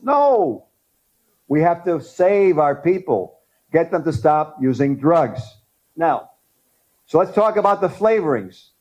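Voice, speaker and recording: A middle-aged man of Cuban background giving an animated talk at a dental conference, firing questions at the audience. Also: on the high side, low-quality recording.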